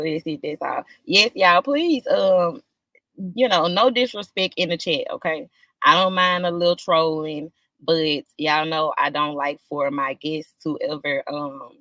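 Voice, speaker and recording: A woman runs a live stream and greets her viewers by name in loose, casual talk. Her greetings stretch out and leap up high, then settle back to her middle-pitched voice. The sound is dry and close, with no room around it. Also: no echo. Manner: warm, drawn-out greetings with sudden high lifts.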